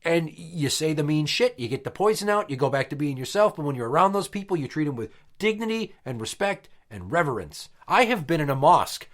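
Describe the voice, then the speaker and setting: A man's voice: on the high side, big pitch swings, a little fast, few pauses. A man in his thirties hosting a podcast, telling stories bluntly and swearing freely in casual chat. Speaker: podcast host.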